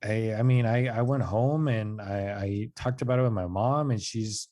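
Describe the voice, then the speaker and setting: On a podcast, a guest in his twenties tells a personal story, his voice on the low side and his speed normal. He keeps it casual with plenty of "like" and "dude," acting out the quotes animatedly and loudly.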